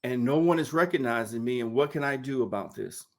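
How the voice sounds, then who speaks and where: A middle-aged man from Mississippi recounts his path into nursing in a relaxed oral history interview. He brings the story alive by acting out the lines of the people in it, and often repeats words as he goes. He sits at a mid-range pitch and talks over a video call. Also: a little fast. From Mississippi, United States. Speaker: nurse interviewee.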